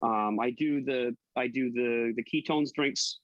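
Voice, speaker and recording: A man's voice: mid-range voice, a little slow, no echo, muffled recording. A man who laughs often and swears freely in casual chat. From New England. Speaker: guest, TikTok cook.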